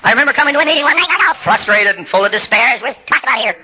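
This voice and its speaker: Bright, husky older man telling stories. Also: very high-pitched, lively intonation, rapid-fire. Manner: humorous storyteller building to punchlines; blunt, salty language. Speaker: recovery meeting speaker. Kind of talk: storytelling talk at a recovery workshop.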